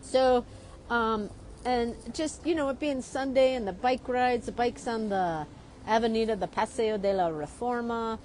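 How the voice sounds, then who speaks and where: A woman from Chicago, a drawing teacher, telling a story in a lively, chatty way while she draws. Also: fairly high pitch, a little slow, a little hiss or hum. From Chicago, USA. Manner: lively, keeps asking "right?".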